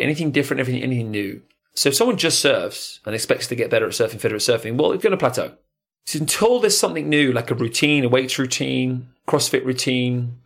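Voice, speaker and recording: A man's voice: mid-range voice, fairly bright tone. Emphatic, motivational male podcast host. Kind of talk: casual chat.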